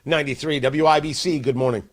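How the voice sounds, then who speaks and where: A man's voice: fairly high pitch, steady tone, quick pace. Teasing male radio host. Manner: teasing, mock-outraged, playful. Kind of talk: casual morning radio banter. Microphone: studio mic.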